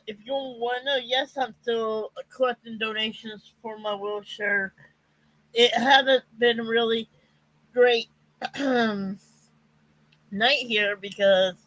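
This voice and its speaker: A woman in casual live stream chat, talking in a slow, halting way with fillers. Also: a little high, fairly bright tone, rough recording.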